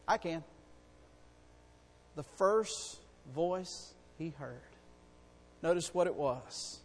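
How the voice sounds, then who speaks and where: A man preaching a sermon in a church, excitable and swinging between soft asides and loud exclaiming. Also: fairly high pitch, very slow, long pauses, in a large hall. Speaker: pastor. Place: church sanctuary.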